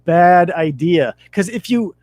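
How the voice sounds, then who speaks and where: A man in his thirties hosts a casual podcast chat, his high voice swooping all over as he spins profane, animated stories. The sound is close and dry. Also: slow pace, no room sound. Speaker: podcast host.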